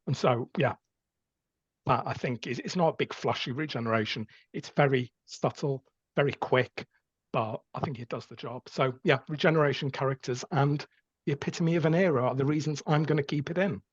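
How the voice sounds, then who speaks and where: An earnest man lays out his reasons one by one on a podcast. His voice is husky, and the recording sounds dull and dry, as from a home setup. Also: mid-range voice, brisk, dry recording. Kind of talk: casual chat.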